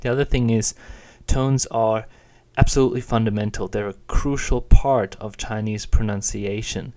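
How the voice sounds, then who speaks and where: A man's voice: fairly low pitch, fairly even intonation, normal speed, warm tone. A young man giving a patient, plain spoken lesson, explaining and demonstrating intonation. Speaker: Chinese teacher.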